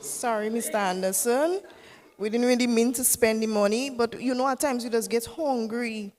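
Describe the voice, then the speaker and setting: A woman's voice: a little high, moderate pace, darkish tone, close to an everyday voice. A woman playing a pleading schoolgirl. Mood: apologetic. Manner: pleading, defensive. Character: defensive schoolgirl, older daughter. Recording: hall reverb.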